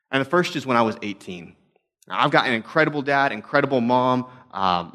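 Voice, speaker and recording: A man's voice: medium pitch, a bit bright. A young adult man, a pastor, telling stories in a conversational, self-deprecating sermon talk.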